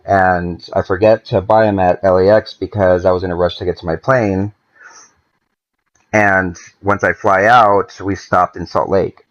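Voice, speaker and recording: Low-voiced man telling a casual story. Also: fairly even intonation, unhurried, lo-fi sound. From California. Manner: swears freely, acts out quoted voices. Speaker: podcast guest.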